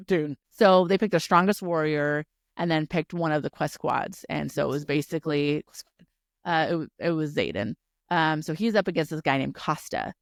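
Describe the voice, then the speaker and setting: A woman with a fairly low voice co-hosts a casual book-club podcast, retelling the story in an animated, swear-laced way. The recording is dry and close, with no room sound. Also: normal speed, dry recording. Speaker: podcast co-host.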